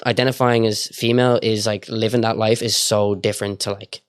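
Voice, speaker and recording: A young man with an Irish accent, a guest telling stories casually, quick and full of fillers and acted-out dialogue. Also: on the low side, little pitch movement, smooth, no room sound, studio quality. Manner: rapid, filler-heavy storytelling full of quoted dialogue. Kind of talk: casual storytelling.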